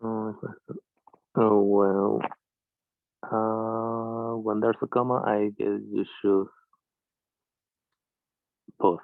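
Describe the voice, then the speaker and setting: A man in an online class giving a slow, tentative answer. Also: fairly low pitch, level tone, vocal fry, no room sound. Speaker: course participant. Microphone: video call. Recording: tinny phone-like dry audio.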